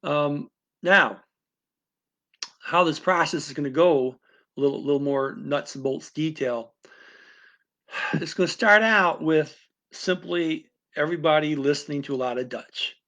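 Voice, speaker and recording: A man's voice: a little high, measured pace, pauses often, pushed and bright. A man teaching a language-learning method, explaining it in an unscripted, rambling talk full of restarts and asides.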